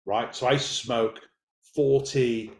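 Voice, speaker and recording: Man in his fifties, middle-pitched voice, emphatic motivational storytelling, echoey room. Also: fairly even intonation, a little slow, slight background noise. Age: 50s. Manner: emphatic, repeats key phrases. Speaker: business guest.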